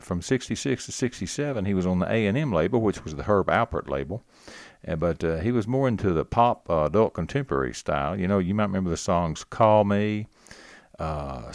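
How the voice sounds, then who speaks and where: A man's voice: sits low, darkish tone, no echo, clean studio sound. A man hosting an oldies radio show, chatting about old records in an easygoing way with lots of filler words. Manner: easygoing, unhurried, with frequent "uh" fillers. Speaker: radio disc jockey.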